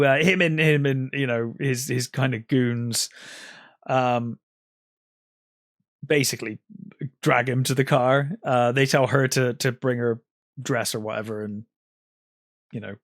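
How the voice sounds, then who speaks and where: A man's voice: medium pitch, dry recording, studio quality. A man co-hosting a film podcast, casually retelling scenes with lots of fillers. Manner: retells scenes with acted quotes, many fillers. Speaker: podcast co-host.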